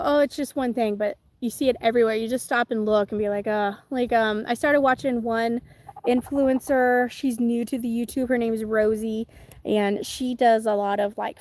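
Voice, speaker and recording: This mother of twins hosts her channel's laid-back home livestream, with chickens close by, chatting with viewers and reading out their comments. Her voice sits on the higher side with a somewhat dark tone, and her talk rambles, full of fillers and false starts.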